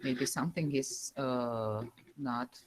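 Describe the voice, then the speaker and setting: A woman with a very low voice gives a live online university lecture. She speaks slowly and haltingly, filling pauses with "uh" and "um" as she searches for words, through a computer microphone. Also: noisy background. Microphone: computer microphone over a video call.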